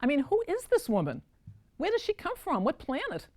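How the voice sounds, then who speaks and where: A woman with a high voice and moderate pace performs a one-woman storytelling show as a solo stage act. Animated, she speaks directly to the audience and calls them folks.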